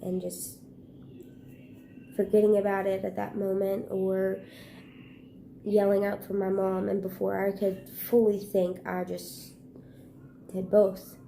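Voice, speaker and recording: A woman vlogger speaks slowly and hesitantly, her voice low and gravelly with a warm, dark tone. She tells a personal story in a flat, subdued delivery, breaking off and restarting her sentences. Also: a little hiss or hum. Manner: halting, hushed retelling with pauses and restarts.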